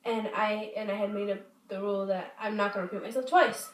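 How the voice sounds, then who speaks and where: A woman's voice: mid-range voice, fairly even intonation, fast talker. Rambling woman vlogger in an echoey room. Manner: rambling, repetitive, swears freely. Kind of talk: casual storytime chat. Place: apartment at home, indoors. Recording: echoey room, mic set far off.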